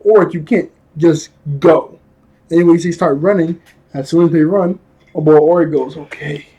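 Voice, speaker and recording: A man's voice: on the high side, fairly even intonation, moderate pace, mellow, breathy edge. A young man casually recapping a cartoon episode in a rambling, slangy way, often laughing and correcting himself. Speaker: episode reviewer.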